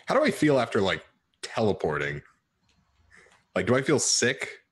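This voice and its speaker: A man's voice: mid-range voice, very animated, moderate pace, breathy edge. A man playing a tabletop game in character, rambling with lots of "like" and eager questions. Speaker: player. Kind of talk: in-character tabletop role-play.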